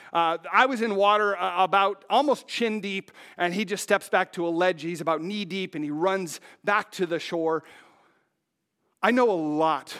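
A man telling a story to an audience from a stage, halting with fillers and dropping to a hush at tense moments. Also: fairly high pitch, smooth. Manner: halting, with many fillers and restarts. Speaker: speaker on stage.

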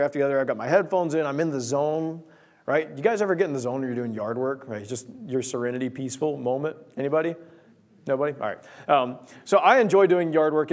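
A young man tells a story from the pulpit, his voice sitting a little high. He speaks in an animated way and acts out the voices and sound effects in his story. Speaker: preacher. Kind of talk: sermon storytelling.

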